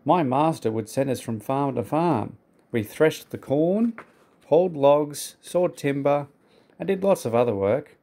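Brief: a wistful, humble old traction engine read by a man, mellow and low-key, storybook. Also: expressive, unhurried. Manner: wistful, gentle, simple. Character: sad, proud old male traction engine.

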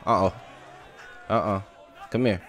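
A young man giving casual, excitable commentary over his own gameplay, trash-talking and laughing at the game. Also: fairly low pitch, unhurried, some chatter behind. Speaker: gaming YouTuber.

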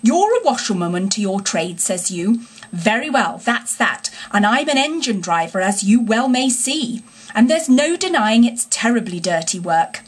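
A woman's voice: a little high, very animated, normal speed, husky. A woman voicing a kindly, burly working-class engine driver with homely, folksy speech. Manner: homely, folksy and plain-spoken.

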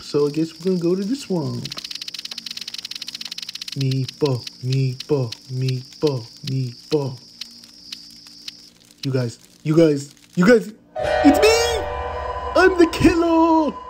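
A man voicing a cheerful, eager pitbull puppy, commenting on gameplay with excitable gasps and goofy puns. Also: mid-range voice, slow, long pauses, background noise. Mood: excited. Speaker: game commentator.

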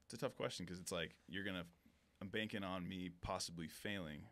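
Young male co-host, low voice, quick deadpan delivery. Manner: deadpan, dry understated humor. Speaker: podcast co-host. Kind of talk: casual podcast banter.

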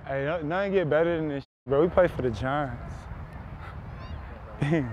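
A young man, a pro football wide receiver, joking and trash talking loudly at practice on a wireless body mic outdoors. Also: on the high side, moderate pace, lo-fi sound, noisy background. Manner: loud, joking, teasing trash talk. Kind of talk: mic'd up banter at practice.

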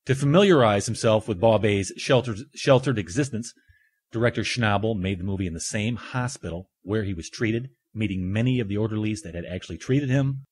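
A man's voice: fairly low pitch, a little fast, darkish tone, slightly rough. A man hosting a podcast, leading a casual, jokey film review chat. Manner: chatty, jokey, leads the discussion. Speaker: podcast host.

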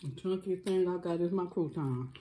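A woman's voice: fairly low pitch, normal speed, warm tone, a little hiss or hum, low-quality recording. A woman chatting casually to viewers while eating, laughing a lot. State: coughing, choked up. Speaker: cooking vlogger. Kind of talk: casual food challenge chat.

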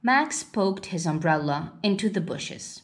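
A woman reading a children's picture book aloud in a slow, gentle read-aloud manner. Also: lowish voice, lively intonation. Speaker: storybook reader.

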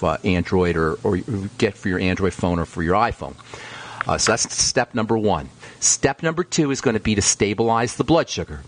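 Brief: male health talk radio host, low-ish voice, emphatic and opinionated, lecturing listeners.

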